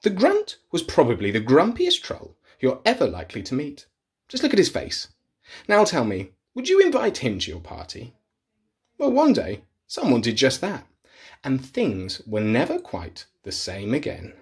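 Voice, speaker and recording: A man reading a picture book aloud to children in a playful, animated way, sometimes dropping to a whisper. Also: medium pitch, normal speed, breathy edge. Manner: animated, playful, drops to whispers for gross bits. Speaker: children's storyteller. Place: office.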